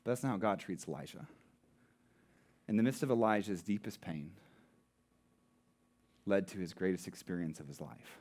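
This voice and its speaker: A married man who preaches as a pastor, posing rhetorical questions and slowing down for emphasis. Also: low-pitched, darkish tone. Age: adult, married. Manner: rhetorical questions, dramatic slowing on key words. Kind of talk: sermon.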